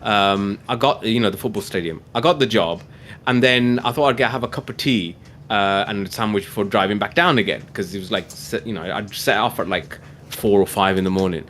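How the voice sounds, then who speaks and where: A man's voice: on the low side, fairly bright tone, slight background noise. Chatty man. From England, near Birmingham. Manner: chatty storyteller, self-mocking, quick to joke. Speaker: podcast host. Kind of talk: casual livestream chat.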